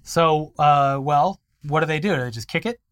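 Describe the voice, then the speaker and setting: A man's voice: a little high, normal speed, fairly bright tone. A man co-hosting a comedy news podcast, cracking dry jokes and telling rambling stories. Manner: dry wisecracks and rambling anecdotes. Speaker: podcast co-host. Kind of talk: casual comedic news banter.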